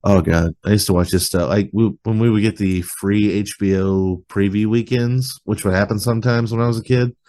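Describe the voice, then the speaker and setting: A man hosting a podcast in casual chat, relaxed and rambling, filling his talk with "like", over a video call webcam. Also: fairly low pitch, moderate pace, hardly any pauses.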